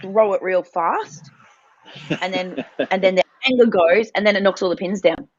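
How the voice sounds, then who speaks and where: A woman's voice: mid-range voice, moderate pace, husky, no echo, lo-fi sound. A woman co-hosting a morning mindset session, telling a family story in a chatty, rambling way and laughing often. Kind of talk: casual chat, storytelling.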